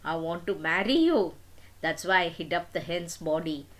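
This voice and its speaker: A stubborn young storybook hero who speaks insistently and with emphasis, as an older woman puts him on. Her voice stays fairly low but lively, rising and falling a lot. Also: normal speed. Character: stubborn devoted young man.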